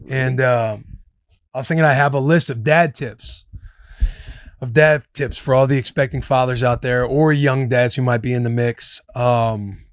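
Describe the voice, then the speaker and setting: A man's voice: on the low side, dry recording, clean studio sound. A man in his thirties hosting a podcast, giving advice in loose, casual chat and calling himself "your boy". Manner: loose and chatty, calls himself "your boy", speaks to listeners as "boys". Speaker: podcast host.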